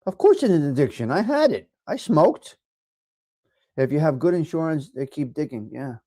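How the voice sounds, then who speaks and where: A middle-aged man with a New York accent hosting a casual live chat, giving blunt, profane tough love to viewers and swinging from low mutters to loud outbursts. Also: sing-song, moderate pace, no room sound, clean studio sound. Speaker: livestream host reading chat.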